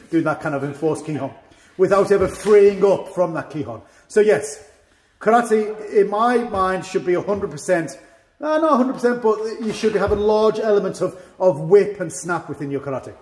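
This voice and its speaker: High-voiced man teaching in an echoey hall. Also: a little mellow, a little hiss or hum. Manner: chatty, explains with demonstrations, self-deprecating jokes. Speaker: karate instructor. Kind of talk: dojo class explanation. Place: training hall.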